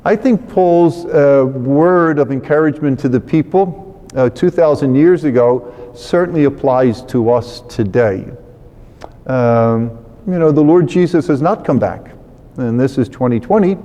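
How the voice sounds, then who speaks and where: A man, a priest, explains a scripture passage in a relaxed, conversational teaching manner. His voice is mellow and slightly high for a man, and long reverb trails behind his words as if in a large hall. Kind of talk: scripture reflection.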